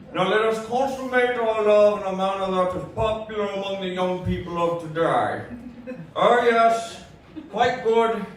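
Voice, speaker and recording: A man putting on a pompous, stiff old gentleman. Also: sits high, noisy background. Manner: pompous, overly formal diction. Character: stiff, formal older gentleman, mock-dignified. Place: live comedy venue. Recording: echoey room from far off.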